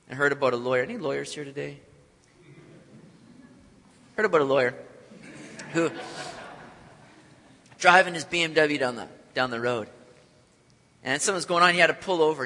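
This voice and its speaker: A man's voice: fairly high pitch, pushed and bright. A man preaching a sermon with energy and joking with the congregation. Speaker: pastor. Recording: long hall reverb.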